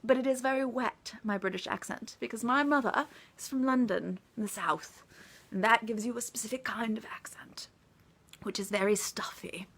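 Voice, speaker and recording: Speaking at a moderate pace in a slightly bright, higher-pitched voice, this American woman author fields questions in a relaxed live-stream Q&A. She giggles a lot, chats freely, and keeps making self-deprecating jokes.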